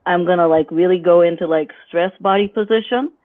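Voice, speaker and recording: A woman's voice: on the low side, brisk. Woman teaching over a tinny line. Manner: demonstrative, explains by acting out voices. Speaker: guest instructor. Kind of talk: instructional live-stream chat. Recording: dry, phone-like line.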